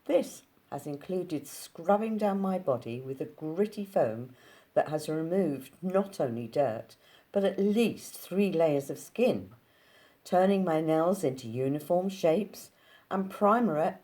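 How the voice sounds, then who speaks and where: A woman reading a novel aloud in an unhurried way, with casual asides to her listeners. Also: deep voice, animated, dark tone. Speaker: audiobook reader.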